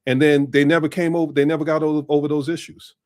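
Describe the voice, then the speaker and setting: A man's voice: on the high side, little pitch movement, fast, darkish tone. A middle-aged man speaking as a podcast guest, blunt and street-wise as he talks through how things really work. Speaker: podcast guest, business strategist. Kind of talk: casual podcast conversation.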